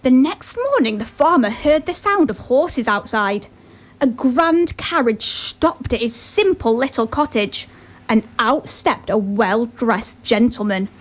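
A woman's voice: on the high side, animated, unhurried. A woman giving an earnest motivational talk and telling a story, with chatty asides.

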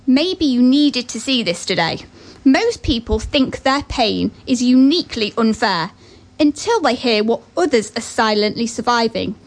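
A woman's voice: fairly high pitch, expressive, unhurried. A woman giving an earnest motivational talk and telling a story, with chatty asides.

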